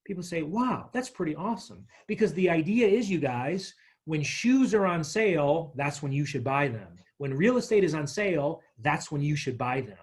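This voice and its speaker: A man presenting a financial literacy workshop, walking listeners through a workbook in an energetic, chatty way with little stories. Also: on the high side, moderate pace, husky. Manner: energetic, chatty, tells stories with acted quotes.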